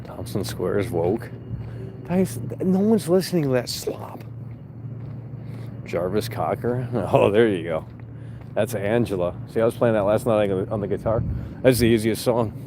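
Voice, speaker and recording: Young guy streaming from his car, lowish voice, swears a lot, rambly and sarcastic, faint traffic hum behind. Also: animated, moderate pace, long pauses. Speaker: livestream host. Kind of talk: casual livestream chat reading viewer comments.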